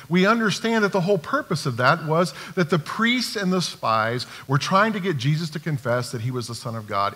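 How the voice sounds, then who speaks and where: A man preaching a sermon as pastor, animated and acting out the voices of the people he quotes. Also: a little high, in a large hall. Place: church sanctuary.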